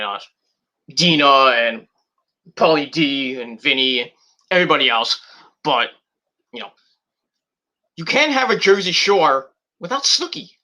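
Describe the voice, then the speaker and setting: A man in his thirties hosting a podcast, chatting casually in a rambling, profane way with frequent restarts. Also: medium pitch. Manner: rambling, profane, restarts often, shouts in bursts. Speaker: podcast host.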